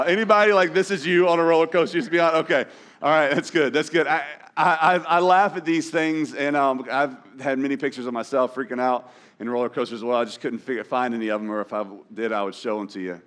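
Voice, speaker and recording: A man's voice: a little high, fairly quick, fairly bright tone. A man preaching a sermon in a conversational, self-deprecating way, often restarting his sentences. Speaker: pastor. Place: church auditorium.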